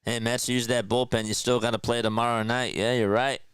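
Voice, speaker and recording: A hyped-up man running a live fan play-by-play stream, chatting with his viewers and calling each pitch. His voice is smooth and resonant, recorded close and dry with no room sound. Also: flat delivery, brisk, fairly bright tone, no room sound.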